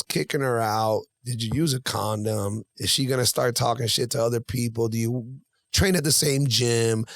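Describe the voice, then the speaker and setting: A man in his forties telling a story on a podcast, animated and acting out both sides of a conversation. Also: mid-range voice, no room sound, clean studio sound. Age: 40s. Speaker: podcast guest. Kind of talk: casual storytelling.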